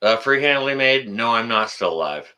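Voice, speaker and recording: A man's voice: medium pitch, lively intonation, moderate pace, bright, forceful tone. A man hosting a casual live stream, rambling, teasing his guest and reading out viewer comments.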